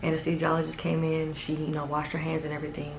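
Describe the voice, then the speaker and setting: A woman's voice: deep voice, monotone, quick pace, creaky, background noise. A woman in her twenties telling a personal story to camera in a casual, emphatic way. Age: 20s. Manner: casual and emphatic, with many "like"s and "okay?". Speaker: vlogger.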